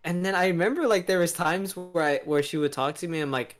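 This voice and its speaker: A man's voice: a little high, fast talker, faint music behind. A young man co-hosting a podcast, joking and teasing in casual chat. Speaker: podcast co-host.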